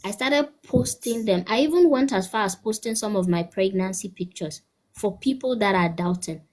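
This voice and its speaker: A woman's voice: medium pitch, moderate pace, a little mellow, rough recording. A young woman guest speaking earnestly and candidly, mixing English and Yoruba. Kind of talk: conversational chat.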